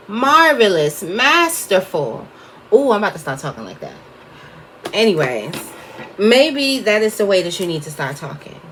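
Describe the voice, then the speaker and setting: A woman's voice: medium pitch, fairly bright tone, slight background noise. A woman giving a casual tarot reading, chatty and wandering off topic as she talks to her viewers. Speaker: tarot reader.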